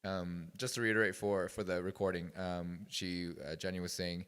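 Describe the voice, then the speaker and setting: This guest speaker at a youth retreat sits low in pitch with a flat delivery, a moderate pace and a clean, slightly bright tone, heard as if in a large hall. He tells stories to the youth group in the meeting room, casual and rambling, with many fillers.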